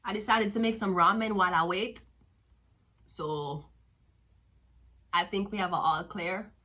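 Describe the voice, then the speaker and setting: A woman with a Jamaican accent delivers a tarot reading in a bright, forceful voice. She talks in a profane, mocking, sassy way, taunting her listener between card pulls. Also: mid-range voice, measured pace.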